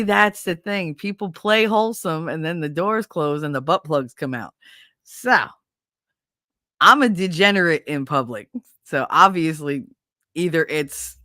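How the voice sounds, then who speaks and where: A woman's voice: low-pitched, fairly bright tone, no echo, studio quality. A middle-aged woman hosting a casual chat, telling stories with lots of laughter and playful swearing. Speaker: host.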